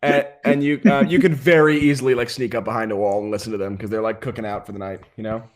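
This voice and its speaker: A man's voice: on the low side, steady tone, quick pace. A man narrating as game master, rambling with many fillers and laughs. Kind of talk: improvised tabletop game narration.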